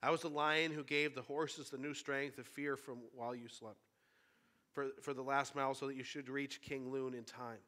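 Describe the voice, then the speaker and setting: A man reading aloud the lines of a great lion, speaking low, quiet and solemn. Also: level tone, moderate pace, lightly acted.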